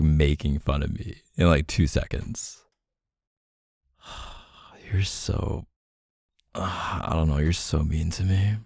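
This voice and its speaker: Low gravelly young man, boyfriend role-play. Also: no echo, clean studio sound. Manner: soft-spoken, coaxing, filler-heavy.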